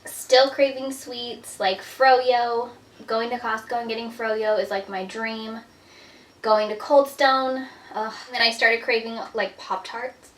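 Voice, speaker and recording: A woman's voice: on the high side, fairly bright tone. A young adult woman giving a casual pregnancy update at home, chatty and full of fillers, a little out of breath. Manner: chatty, filler-heavy, lots of 'like' and 'um'. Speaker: vlogger. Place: indoors at home. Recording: roomy echo, mic at a distance.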